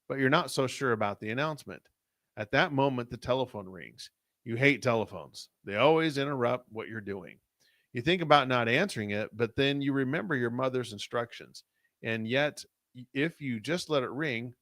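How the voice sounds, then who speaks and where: A man co-hosting a podcast, reading a story aloud in a steady way and giving short agreeing replies. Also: mid-range voice, no echo, clean studio sound.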